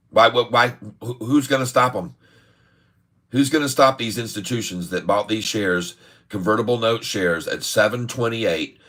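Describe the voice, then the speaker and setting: A man's voice: on the low side, pushed and bright. A middle-aged man hosting a day-trading livestream, talking in a chatty, jokey way, often laughing and repeating himself. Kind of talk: casual livestream chat.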